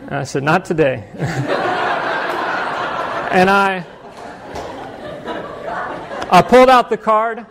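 A middle-aged man preaching a sermon, telling a personal story in a relaxed, self-deprecating way that keeps turning into chuckles. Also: high-pitched, very slow, vocal fry, pauses often, a crowd in the background, noisy background. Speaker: pastor.

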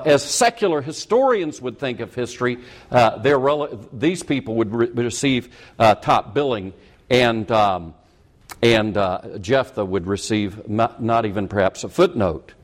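A man preaching an expository sermon, stressing key points by repeating them and correcting himself mid-sentence. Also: mid-range voice.

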